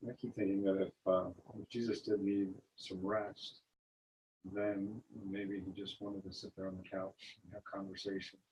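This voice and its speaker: Low-voiced man in a study group, thoughtful, faint noise behind. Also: level tone, moderate pace. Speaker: Bible study group member. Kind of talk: group Bible study discussion.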